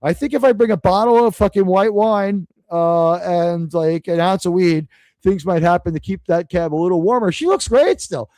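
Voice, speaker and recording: A man from New York City hosts a live stream with a high-pitched, fairly even, slightly mellow voice at a moderate pace, with no echo. He rants casually, rambling, swearing and sounding sarcastic.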